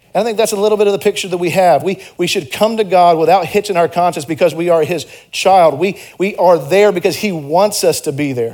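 Speaking from a church sanctuary, a young male pastor gives a sermon that mixes personal stories with emphatic exhortations. The delivery is earnest and conversational, and his voice is a little mellow and on the high side.

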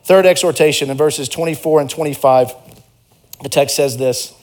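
A man's voice: a little high, moderate pace, a little mellow. A young man preaching a sermon in a church, conversational and earnest, mixing personal stories with emphatic exhortations. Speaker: pastor. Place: church sanctuary.

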